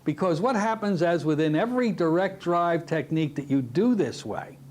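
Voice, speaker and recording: A middle-aged man teaching a recorded hypnotherapy lesson, telling stories from his practice in a lively way. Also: fairly high pitch, normal speed. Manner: animated storytelling, drops to a soft hypnotic voice when demonstrating. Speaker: hypnotherapy instructor. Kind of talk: recorded training lecture.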